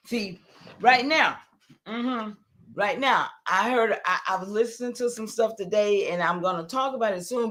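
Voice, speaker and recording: An older woman with a mid-range, slightly bright voice hosts a livestream. She chats loosely but with strong emphasis, answering viewers' comments as she goes.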